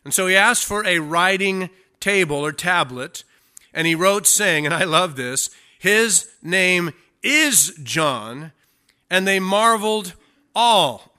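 A man preaching a sermon and reading from the Bible, emphatic, slowing down to stress key phrases. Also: high voice, pushed and bright, smooth.

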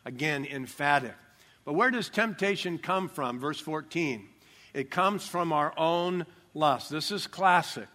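Older male preacher, fairly high voice. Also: animated, a little slow, sharp tone. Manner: emphatic, joking preacher who stresses key words. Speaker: pastor. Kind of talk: sermon.

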